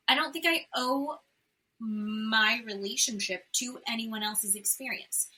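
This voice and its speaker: This podcast co-host speaks at a moderate pace in a voice on the high side, captured on a rough recording. She chats about reality TV without a filter, swearing and imitating what people said in lively retellings.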